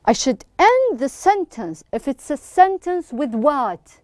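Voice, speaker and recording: Slow sing-song woman teacher. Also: high-pitched, sing-song, darkish tone, no room sound, studio quality. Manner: slow, encouraging, sing-song prompting with questions and praise. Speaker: English teacher. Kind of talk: recorded online lesson for young pupils.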